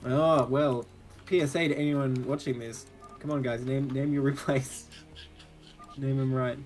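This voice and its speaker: An Australian man calls an esports match in a loose, joking way, reacting quickly to each moment. His pitch sits in an ordinary middle range. Faint music plays quietly under his voice. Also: fairly even intonation, rough recording. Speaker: esports caster. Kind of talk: casual game commentary.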